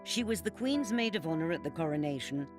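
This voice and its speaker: A man narrating a documentary in a measured, steady scripted delivery. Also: fairly high pitch. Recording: narration over music.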